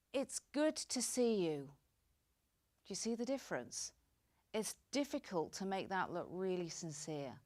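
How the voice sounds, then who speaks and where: A woman gives a clear instructional talk to camera on presentation skills. She acts out short examples as she goes. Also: medium pitch.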